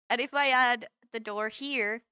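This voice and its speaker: A woman's voice: on the high side, bright, forceful tone, clean tone, dry recording. A woman streaming a building game, chatting casually, scolding the game in playful frustration and laughing often. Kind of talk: casual gameplay chat.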